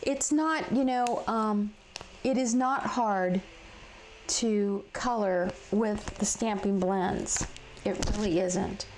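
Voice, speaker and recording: A woman hosting a casual live craft demonstration from her home craft room. She is chatty and halting, with many fillers and restarts, and she talks to viewers in the chat while she colors. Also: mid-range voice, darkish tone, slight background noise, low-quality recording. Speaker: crafting livestream host.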